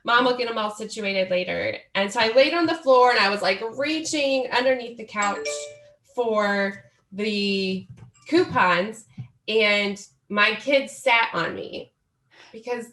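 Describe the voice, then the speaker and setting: A woman's voice: a little high, slow, a bit bright, roomy sound, a little hiss or hum. A woman in her forties, a guest author telling her story in an earnest, reflective way during a podcast interview. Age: 40s.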